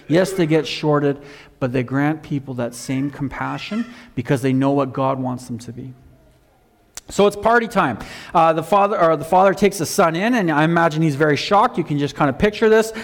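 Guy preaching a sermon, gets loud then drops quiet, bit high-pitched, echoey church hall. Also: moderate pace. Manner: animated storytelling, rising loud for emphasis then dropping low.

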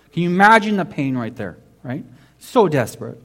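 A man's voice: on the high side, very animated, moderate pace, fairly bright tone. A man preaching a sermon in a conversational way, often restarting and saying "basically". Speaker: pastor.

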